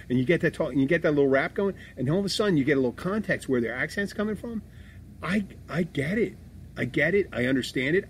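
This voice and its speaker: A middle-aged man hosting a casual podcast about bar work, talking in a rambling, profane way with many restarts. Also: medium pitch. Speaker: podcast host, bartender. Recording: faint background noise.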